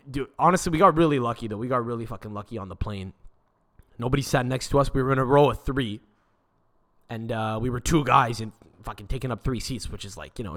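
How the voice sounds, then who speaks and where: A young man from Quebec, hosting a podcast in a rambling, swear-filled casual rant. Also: medium pitch. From Quebec, Canada. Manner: swears constantly, rambling restarts. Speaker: podcast host.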